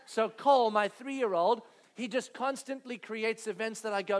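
A man in his thirties, a pastor telling a family story in a sermon, acting out scenes with loud animated bursts. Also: sits high, normal speed.

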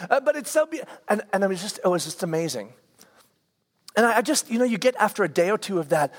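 A man in his forties, a camp speaker, telling a story in a sermon with animated restarts and stammers. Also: high voice, quick pace. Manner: acts out quoted people in raised voices.

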